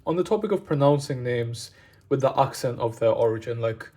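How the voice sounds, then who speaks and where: Guy cooking and yapping away, goes off on tangents, pans clanking, soft music. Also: mid-range voice, expressive, brisk. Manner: chatty, rambling, enthusiastic. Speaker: cooking vlogger. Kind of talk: casual cooking chat.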